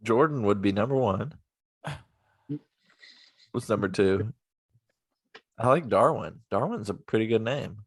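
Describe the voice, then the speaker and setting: Slow husky low-voiced podcast man. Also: dry recording. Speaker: podcast co-host running the sound. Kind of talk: casual chat among friends.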